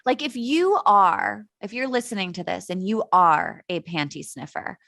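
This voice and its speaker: A woman's voice: medium pitch, moderate pace, gravelly, bright, forceful tone, no room sound, studio quality. A woman co-hosting a podcast in a casual chat, a chatty storyteller who laughs easily. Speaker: podcast co-host.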